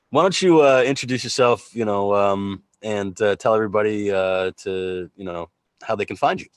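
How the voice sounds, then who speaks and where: A man's voice: lowish voice, normal speed, clean tone, no echo. A man hosting a casual livestream chat, joking, laughing often and rambling with fillers over a video call. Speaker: host.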